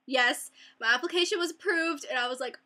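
A woman's voice: very high-pitched, quick pace, pushed and bright. A young woman chatting to camera in a casual vlog, bubbly and rambling with lots of fillers. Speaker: beauty vlogger.

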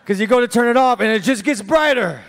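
High-voiced deadpan stand-up comedian man. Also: quick pace. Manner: deadpan one-liners, trailing off and laughing at himself. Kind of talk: stand-up set. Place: large theater stage, live audience.

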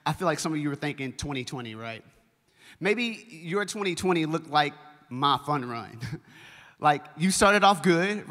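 A young man, a children's pastor, preaching a sermon and telling a story in an animated, conversational way, speaking straight to his congregation. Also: fairly high pitch. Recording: long reverb of a large hall.

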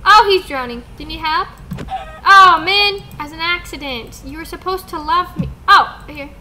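A woman in her twenties chats through a video game in a very high, bright voice. She is dramatic and quick to squeal or shout. A faint hiss sits behind her. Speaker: gaming co-host. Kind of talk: excited casual gameplay chat.

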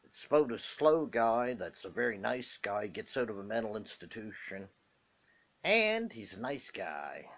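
A man's voice: on the low side, big pitch swings, unhurried, fairly bright tone. A man casually recommending a movie to the camera in a plain, earnest, repetitive way. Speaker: video maker. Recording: dull lo-fi recording.

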